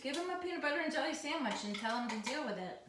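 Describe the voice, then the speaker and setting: A middle-aged woman, a teacher, chatting in a home vlog in her loud teacher voice, teasing and friendly. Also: sits high, lively intonation, fast talker, distant mic, background noise. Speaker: teacher and vlogger. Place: home kitchen. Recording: echoey room, voice somewhat off mic.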